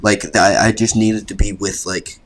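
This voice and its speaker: A young man, a college athlete, telling a personal story to a podcast host in a relaxed, rambling way, swearing freely and filling with "like". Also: fairly low pitch, normal speed. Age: young adult. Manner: laid-back, rambling, swears freely, fills with "like". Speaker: podcast guest, college lacrosse player. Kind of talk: casual storytelling chat.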